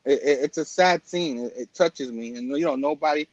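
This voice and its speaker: Guy hosting a comics chat, kinda high voice, rambles a lot, dry dull sound. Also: brisk, no room sound. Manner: rambling, many fillers and restarts. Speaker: podcast host. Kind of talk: casual chat.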